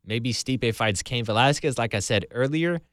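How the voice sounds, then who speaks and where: A man's voice: medium pitch, moderate pace, a bit bright, no echo, studio quality. A man hosting a podcast, giving heated, profane commentary in a ranting style. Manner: heated, ranting, heavy swearing. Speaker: podcast host.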